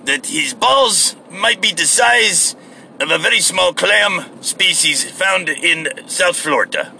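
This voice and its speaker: A man's voice: fairly high pitch, expressive, unhurried, creaky, sharp tone, slight background noise, pitched above the performer's own voice, full character voice. A man doing a silly fake accent to entertain his podcast listeners, drawn out and goofy. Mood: hammy.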